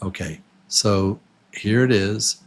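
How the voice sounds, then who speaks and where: A man teaching English to absolute beginners, patiently repeating words slowly and counting syllables with the listener. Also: on the low side. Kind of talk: slow, clearly spoken beginner English lesson.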